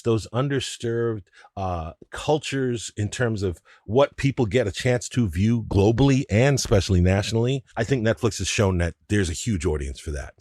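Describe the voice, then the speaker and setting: A man co-hosting a podcast, explaining his views in casual, expressive discussion. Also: lowish voice, no echo, studio quality. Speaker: podcast co-host.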